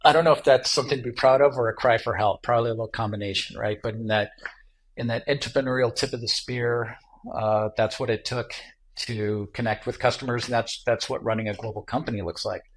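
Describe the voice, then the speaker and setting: A middle-aged tech entrepreneur from Michigan, appearing as a guest in a casual interview, tells an animated travel anecdote. His mid-range voice moves a little fast, packed with fillers and restarts.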